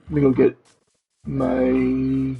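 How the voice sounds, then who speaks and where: A man streaming live with a demon robot voice changer on his voice, sounding deeply gravelly and slow. He chats easily to his viewers and narrates what he builds. The audio is dull and lo-fi, with the mic set back from his face. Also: monotone. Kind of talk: live gameplay commentary. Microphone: mic pulled back from face.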